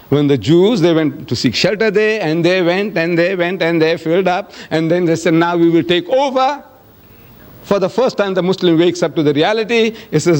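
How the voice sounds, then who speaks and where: A man's voice: a little high, darkish tone. An older man from South Africa giving a public lecture and taking audience questions, telling stories animatedly and acting out quoted exchanges. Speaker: public speaker.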